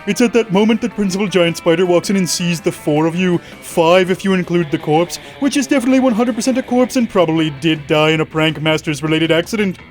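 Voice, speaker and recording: A man's voice: high voice, quick pace, hardly any pauses, faint music behind. A man reading game narration aloud in a wry, mock-dramatic way.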